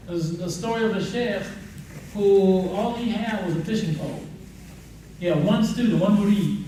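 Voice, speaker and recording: High-voiced male teacher in echoey hall. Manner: lively colloquial storytelling, addresses the audience directly. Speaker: Islamic teacher. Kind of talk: lecture with storytelling. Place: mosque or Islamic center hall. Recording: echoey hall, mic far off, faint noise.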